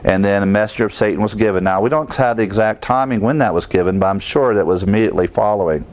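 A man's voice: on the low side, a little mellow. A male preacher teaching through Bible verses, explaining them and asking his listeners rhetorical questions. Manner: explains verse by verse, often pausing to restart.

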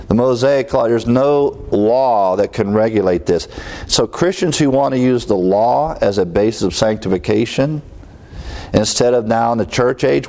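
A man's voice: medium pitch, gravelly, darkish tone. A man preaching an expository sermon, earnest, repeating phrases for emphasis and asking rhetorical questions. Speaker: pastor.

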